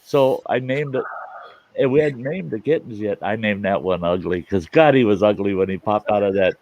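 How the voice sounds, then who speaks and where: A man's voice: lowish voice, moderate pace, a little mellow, no echo, dull audio. A man hosting a show, telling a folksy campfire story in casual talk and chuckling through it. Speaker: storyteller host.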